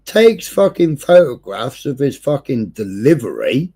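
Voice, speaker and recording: A man, mid-pitched, spinning a yarn on a live stream. He swears in nearly every breath and tells it with animated, indignant energy. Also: unhurried, husky. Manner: swears constantly, animated storytelling. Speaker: livestream host. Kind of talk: casual chat. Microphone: streaming setup.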